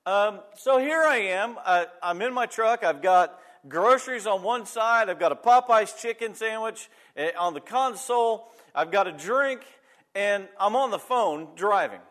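A pastor telling a personal story in a sermon, conversational and talking straight to the congregation. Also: male voice, high-pitched, expressive, measured pace, a bit bright.

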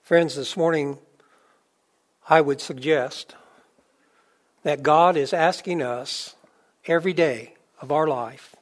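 A man's voice: slow pace, long pauses. Man preaching a sermon, rising and falling. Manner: rising to emphatic peaks, then dropping low and soft; conversational, with fillers and restarts. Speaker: pastor.

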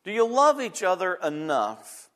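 A man pastor preaching a sermon, emphatic and repeating his key phrases, swinging between loud bursts and quiet moments. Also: high-pitched, huge pitch swings, a little slow.

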